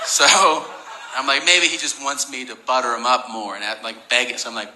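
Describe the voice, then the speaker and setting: A man performing stand-up comedy on a club stage, telling a profane, animated story. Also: medium pitch, fairly quick. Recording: roomy live stage recording with crowd noise.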